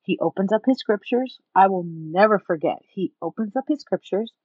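Animated woman telling her story, dull dry sound. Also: mid-range voice, normal speed, husky, no room sound. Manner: animated, acts out what others said. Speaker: interview guest. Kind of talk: personal storytelling in an interview.

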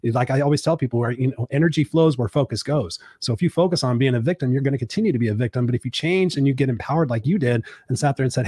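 Fast-talking, husky male podcast host. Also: medium pitch, lively intonation, darkish tone, no echo, clean studio sound. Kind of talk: motivational interview talk.

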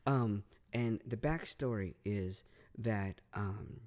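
A man's voice: on the low side, takes it slowly, a little mellow. A man telling a long story in casual podcast chat, rambling, repeating words, swearing and using lots of fillers. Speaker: podcast guest.

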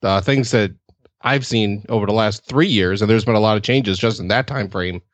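A man hosting a podcast, asking his guest open questions in a relaxed way with some fillers. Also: on the low side, moderate pace, dry recording. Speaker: podcast host. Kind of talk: interview questions.

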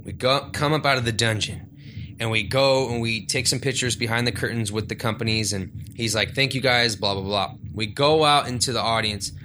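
Bright-voiced man, thirty, telling a story. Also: mid-range voice, brisk, a little hiss or hum. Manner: animated, acts out quoted voices. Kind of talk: casual storytelling.

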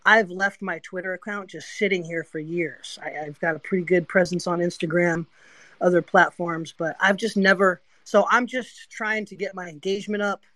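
A man with a high voice, recorded dry and close, rambling earnestly. He talks in loose, restarting sentences. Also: steady tone, moderate pace, sharp tone, no room sound. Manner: rambling, earnest, self-promoting. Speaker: guest speaker. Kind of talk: casual online voice chat.

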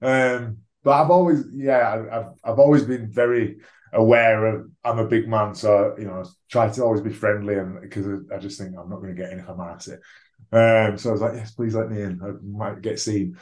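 A low-voiced man talks candidly about his own life, frank and ready to laugh at himself, with the odd swear word. His voice bounces around a roomy space. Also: steady tone, moderate pace, a little mellow. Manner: frank, swears freely, self-deprecating humour. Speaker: guest, rugby league player. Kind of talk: candid conversational storytelling. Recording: roomy echo.

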